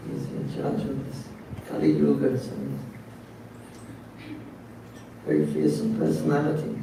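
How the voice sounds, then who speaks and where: A man giving a devotional sermon as a slow story, often clearing his throat and repeating words, recorded from a distance in a very echoey hall. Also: mid-range voice, sing-song. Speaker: speaker telling a devotional story. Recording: very echoey hall, distant mic, faint noise.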